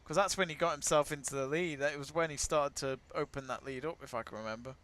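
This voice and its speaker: A man's voice: fairly high pitch, fast talker, a bit bright. A British man co-hosting a casual sports watch-along stream, chatty, laughing easily and reading viewer comments aloud. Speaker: live stream co-host.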